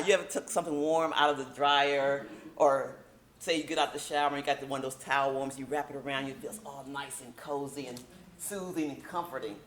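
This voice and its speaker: A woman teaching a speaking workshop in a casual, emphatic way, slowing down to stress key points. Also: low voice, a bit bright.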